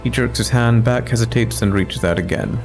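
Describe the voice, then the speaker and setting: Gravelly man giving wry game commentary. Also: mid-range voice, fairly quick, soft background music, low-quality recording. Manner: wry, amused. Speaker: let's-play host. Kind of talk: casual gameplay commentary and reading game text.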